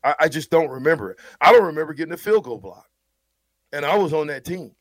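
A man's voice: on the high side, lively intonation, fast talker, no echo. A man, a former player, breaking down a football game in blunt, emphatic casual talk, often stumbling over repeated words.

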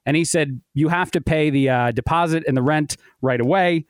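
A man's voice: fairly high pitch, normal speed, clear, resonant tone, no room sound, clean studio sound. A man in his thirties, a podcast guest, telling a long personal story in a chatty way and laughing at his own tale. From United States. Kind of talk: casual storytelling.

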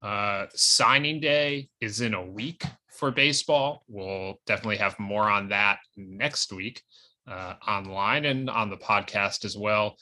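A man's voice: on the low side, unhurried, sharp tone, a little hiss or hum. A man co-hosting a sports podcast in casual chat, loose and full of filler words and restarts. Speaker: podcast co-host.

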